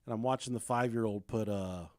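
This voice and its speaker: A man's voice: lowish voice, fairly quick, a little mellow, no echo, studio quality. A man in his thirties co-hosting a podcast, telling crude stories full of swearing and mimicking his family. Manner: profane, storytelling, mimics family members. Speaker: podcast co-host. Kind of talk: crude casual chat.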